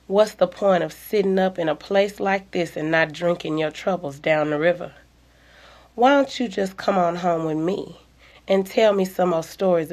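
A woman's voice: lowish voice, a little mellow, natural voice. A woman voicing a bold, flirtatious, sassy barroom woman in an audiobook story. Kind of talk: audiobook dialogue.

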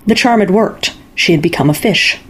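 A woman reading a fairy-tale story aloud in calm, measured narration. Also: fairly low pitch, breathy edge. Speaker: story reader. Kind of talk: scripted narration.

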